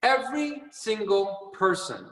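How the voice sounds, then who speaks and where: A man's voice: high-pitched, huge pitch swings, measured pace, a bit bright, recorded from a distance. Earnest man in an echoey room. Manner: earnest, repetitive, laughs at his own jokes. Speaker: company chairman. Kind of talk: motivational talk on a video call. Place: training room. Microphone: video call.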